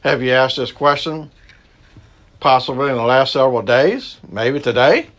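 A man's voice: mid-range voice, expressive, normal speed, fairly bright tone. A man preaching a sermon as a pastor, in a folksy, conversational way. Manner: folksy, conversational preaching with Southern turns of phrase.

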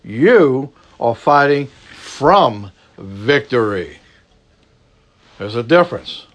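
A man with a Cajun accent from the American South, preaching a sermon with emphatic repetition and sudden low, slow drops for emphasis. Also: expressive. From Southern United States. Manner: emphatic preaching, repeats key phrases, drops to a low slow hush for stress. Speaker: pastor.

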